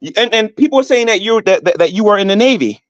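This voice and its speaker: Middle-aged male vlogger, defensive rant, voice a touch high, dry and lo-fi. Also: fast, dry recording. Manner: animated, defensive, repeats himself, rises in pitch when heated. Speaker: YouTuber. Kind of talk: rambling vlog rant.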